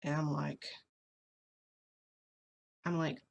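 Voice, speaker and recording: A woman's voice: low voice, level tone, extremely slow, vocal fry, highs cut off, a little hiss or hum. A woman vlogger telling a personal story in casual chat, rambling with lots of fillers and restarts.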